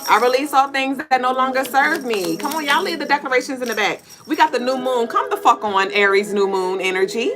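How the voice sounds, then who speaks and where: High-voiced, profane spiritual live-streamer. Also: female voice, a little fast, few pauses, over music. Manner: profane, animated, laughing and chanting. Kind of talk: casual live-stream tarot-style reading.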